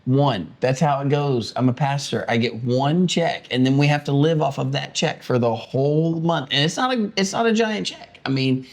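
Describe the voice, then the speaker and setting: A man's voice: mid-range voice, normal speed, hardly any pauses. A man, a pastor, co-hosting a casual podcast chat with a joking, playfully defensive manner.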